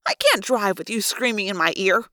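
Woman reading as a flippant teenage boy, wisecracking, bright voice, lively ups and downs. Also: medium pitch, moderate pace, dry recording, studio quality. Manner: breezy, flippant quips.

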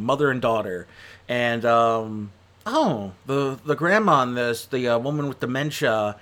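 A movie reviewer talks casually about a film, chatty and rambling, with plenty of fillers and self-corrections. His voice is medium-pitched and a bit bright.

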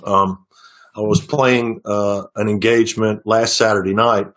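A man's voice: on the low side, little pitch movement, a little slow, fairly bright tone. Rambling man telling music stories. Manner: rambling storyteller with frequent restarts. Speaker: singer-songwriter guest. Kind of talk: casual interview talk.

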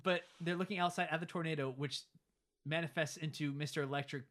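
A man's voice: fairly high pitch, fairly even intonation, fast talker, a bit bright. A man, casually retelling a movie scene by scene and acting out the characters' lines. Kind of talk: casual movie recap chat.

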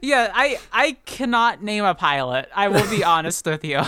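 Chatting casually about books as a podcast co-host, this woman rambles, restarts, leans on fillers and laughs a lot. Her mid-range voice swings widely in pitch at a normal speed, with a sharp edge. The sound is smooth, echo-free and of studio quality.

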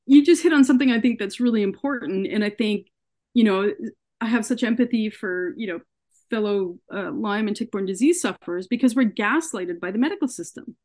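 A woman's voice: mid-range voice, brisk, darkish tone. A woman guest in a podcast interview, telling her own story earnestly and often repeating words as she goes. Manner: earnest, often acts out dialogue in her retelling; repeats words and restarts when upset. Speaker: guest, researcher.

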